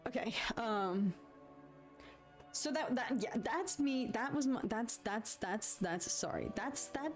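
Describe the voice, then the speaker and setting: Chatty, expressive woman live-streaming her painting. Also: fairly high pitch, takes it slowly, soft background music. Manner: chatty and expressive, swinging from frustration to giddy relief, sings snatches. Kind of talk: casual live-stream chat while painting.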